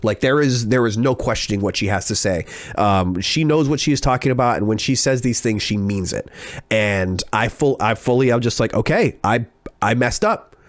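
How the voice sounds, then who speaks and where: A young man from California, hosting a podcast and telling a personal story in a casual, animated way, repeating phrases for emphasis. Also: on the low side, a little fast, dry recording. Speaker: podcast host.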